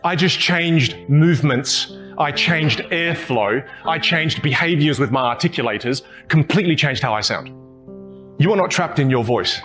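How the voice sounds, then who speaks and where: A young man talks as a communication coach in an interview. He is animated and theatrical, demonstrating points by reshaping his own voice. Faint music plays underneath. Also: a little high, normal speed. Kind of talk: podcast interview, demonstrative teaching.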